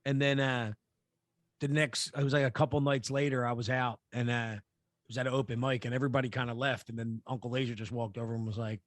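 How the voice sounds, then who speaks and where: A man's voice: mid-range voice, little pitch movement, quick pace, no room sound. A man co-hosting a podcast, telling a story in casual chat, rambling with lots of fillers, restarts and swearing. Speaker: podcast co-host.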